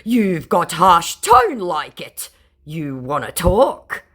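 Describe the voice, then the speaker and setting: A woman's voice: fairly low pitch, huge pitch swings, slow, a bit bright, pitched above the performer's own voice, exaggerated voice. A woman voicing an adult male online scammer who pleads and wheedles, drawing out his words. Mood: sulky.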